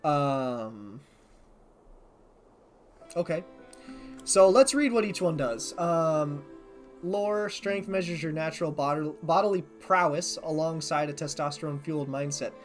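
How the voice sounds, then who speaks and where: A streamer in a casual first playthrough who reads each option aloud, then muses on it in an easy, mid-pitched voice. They pause to puzzle over words they aren't sure how to say. Soft game music runs quietly behind. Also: animated. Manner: stumbles over unfamiliar words. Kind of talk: casual let's-play commentary.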